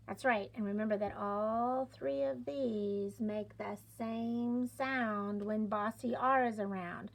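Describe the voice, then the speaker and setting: A middle-aged woman teaching a phonics lesson, sounding out letters and stretching words clearly in an encouraging classroom manner. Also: mid-range voice, steady tone, takes it slowly, hardly any pauses. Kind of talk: slow, deliberate classroom instruction.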